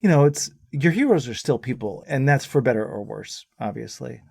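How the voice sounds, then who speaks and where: A man, a musician guest on a podcast, telling lively anecdotes in casual conversation and swearing now and then. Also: medium pitch, moderate pace, vocal fry, breathy edge, no room sound, clean studio sound. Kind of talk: casual storytelling.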